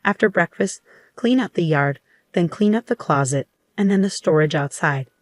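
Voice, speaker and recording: A domineering old mother-in-law, voiced by a woman, who treats her son's wife as a servant. Her voice sits low and her scolding is relentless and cold. It is recorded close and dry, with no room around it. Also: animated, moderate pace, no echo, close to an everyday voice. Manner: scolding, commanding.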